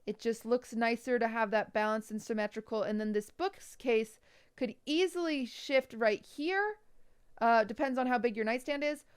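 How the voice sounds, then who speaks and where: A woman streamer critiques viewers' bedrooms in a casual livestream, blunt and a little teasing as she nitpicks. Her voice sits fairly high and sounds smooth and clear. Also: moderate pace.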